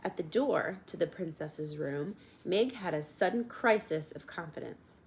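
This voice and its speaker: Woman, storybook narration, gentle, measured, low voice, gravelly fry. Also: lively intonation, a little hiss or hum. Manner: gentle, measured, addressing the reader. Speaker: audiobook reader.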